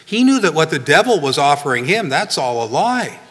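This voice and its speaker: A pastor preaching in a relaxed, conversational manner, often checking in with "right?" His voice is slightly high and bright, and it carries a long reverb through the church hall. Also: fairly quick, faint music behind. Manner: conversational, frequent "you know" and "right?" asides. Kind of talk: sermon.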